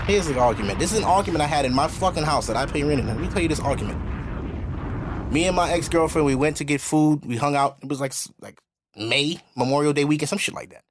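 Animated profane man telling stories. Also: on the high side. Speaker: podcast host. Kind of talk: casual chat.

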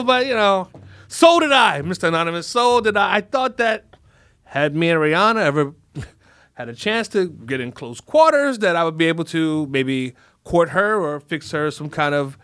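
Bright, high-voiced joking man. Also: clean tone, dry recording, studio quality. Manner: crude, rambling, mock-dramatic joking. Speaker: podcast host. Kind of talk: comedic podcast chat.

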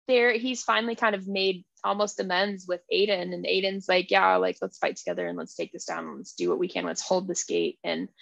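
A woman's voice: lowish voice, steady tone, a little fast, gravelly, few pauses, fairly bright tone, dry recording, highs cut off. A young woman co-hosting a casual book podcast, retelling scenes in a gushing, emotional way with lots of fillers. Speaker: podcast co-host.

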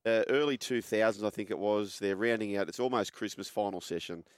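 An Australian man hosting a sports chat, telling stories in a relaxed, animated way. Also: lowish voice, fairly quick, clear, resonant tone, dry recording, studio quality. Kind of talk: casual chat, storytelling.

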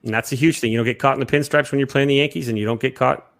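A young man co-hosting a casual sports chat, rambling and jokey, quick to laugh. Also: medium pitch, steady tone, gravelly, fairly bright tone. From Chicago area. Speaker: sports podcast co-host.

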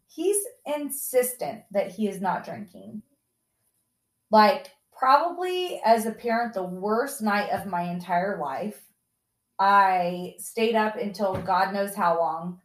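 A woman's voice: mid-range voice, a little slow, echoey room, low-quality recording. A mother telling a story on a podcast, casually, acting out what people said in a raised voice. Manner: animated, acts out quotes in raised voice.

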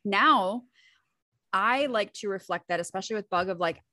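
A woman's voice: mid-range voice, normal speed, bright, forceful tone, no echo. A woman who coaches clients on relationships and has a young child, talking frankly and swearing in casual chat. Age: adult with a young child. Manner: frank and profane, mimics herself in quoted asides. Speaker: podcast host and relationship coach.

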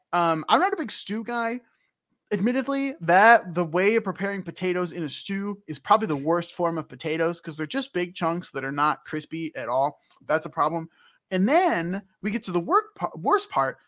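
A man's voice: sits high, lively intonation, normal speed, bright, forceful tone. A man co-hosting a casual podcast recap, chatting animatedly and acting out characters in silly voices. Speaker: podcast co-host.

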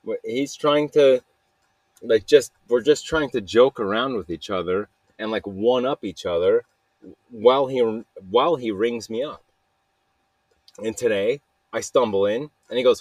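A man's voice: mid-range voice, a little slow, no room sound. A man hosting a casual solo podcast, rambling through stories and laughing often at his own jokes. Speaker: podcast host.

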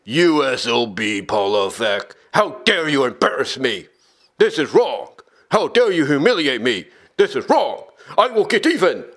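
A man's voice: very high-pitched, huge pitch swings, a little slow, vocal fry, fairly bright tone, husky, pitched above the performer's own voice, exaggerated voice. A man putting on the voice of a bitter male wrestling promoter who mutters vengeful grumbles. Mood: seething.

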